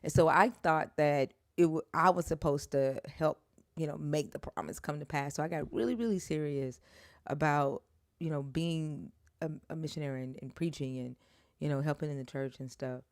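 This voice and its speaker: Speaking at a moderate pace, she keeps the same low voice and earnest tone in this casual conversation. Her swearing comes out when she's annoyed, and her pitch leaps high when emotions build, all captured in a dry, close recording.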